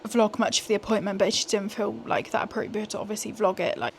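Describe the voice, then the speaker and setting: Speaking quickly at a medium pitch and in a steady tone, a young British woman who is pregnant chats to her small handheld gimbal camera for a vlog. She makes self-deprecating asides as she moves between her home and outdoor walks, with slight background noise present.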